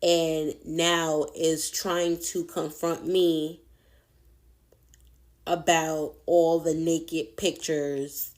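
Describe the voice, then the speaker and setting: Low-voiced woman telling a storytime. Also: a little mellow. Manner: chatty, candid, swears freely. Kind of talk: casual storytime.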